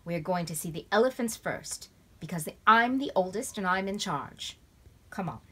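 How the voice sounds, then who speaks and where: A woman's voice: mid-range voice, lively intonation, normal speed, pushed and bright, slightly rough. A woman reading aloud, voicing a bossy but thoughtful eldest boy who speaks firmly. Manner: firm, in-charge tone.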